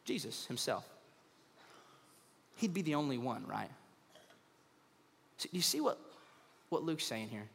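Animated preacher with a drawl. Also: male voice, mid-range voice, unhurried, gravelly, pauses often, long reverb tail. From United States. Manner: animated storytelling, acts out voices, humorous. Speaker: pastor. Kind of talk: sermon. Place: church stage.

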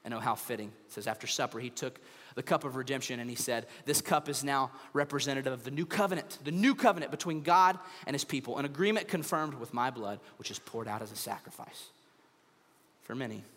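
A man's voice: medium pitch, a little fast, in a large hall. A man pastor, giving a humorous sermon from a church stage, acting out voices as he tells stories. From United States. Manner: animated storytelling, acts out voices, humorous.

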